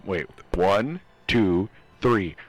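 A man on a radio show chatting casually, reciting technical details in a deadpan way. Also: low-pitched, very slow, low-quality recording. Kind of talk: casual on-air banter.

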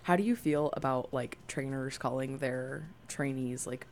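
A woman's voice: rumbling low, a little hiss or hum. A young woman hosting a college radio show, joking playfully in casual chat with her co-hosts. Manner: playful, lively, quick jokes.

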